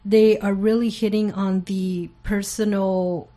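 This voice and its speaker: Woman co-host, earnest casual talker, warm dark voice. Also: medium pitch, little pitch movement, slow. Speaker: podcast co-host. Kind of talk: casual chat.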